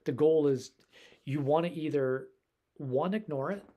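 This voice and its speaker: Man, dog trainer on a live stream, loose rambling delivery, a touch higher pitched than most. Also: a little slow, mellow, muffled recording. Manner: rambling, conversational, folksy. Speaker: dog trainer and behavior specialist.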